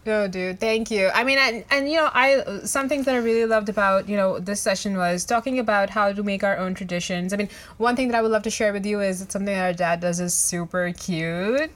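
A young woman co-hosting a podcast, easy and chatty. Her voice sits at a middle pitch, and she fills her talk with little asides as she goes. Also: fairly quick, hardly any pauses, fairly bright tone. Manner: chatty, loose with fillers. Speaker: podcast co-host. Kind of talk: casual chat.

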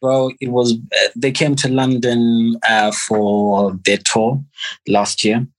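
A man from Zimbabwe, a musician guest, chatting in a relaxed, animated way on a podcast and laughing often. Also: mid-range voice, slow pace, poor audio. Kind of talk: casual podcast chat.

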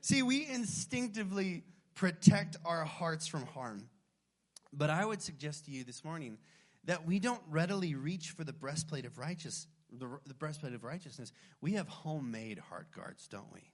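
A man in his thirties preaching a sermon as pastor, earnest and emphatic, slowing down to stress key phrases. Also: on the high side, lively intonation.

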